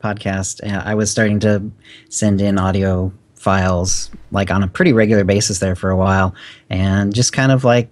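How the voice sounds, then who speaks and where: Low-ish guy on a podcast, rambly, lots of uh and you know, laughs easy. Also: fairly even intonation, normal speed, a little mellow. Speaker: podcast co-host guest. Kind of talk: casual interview.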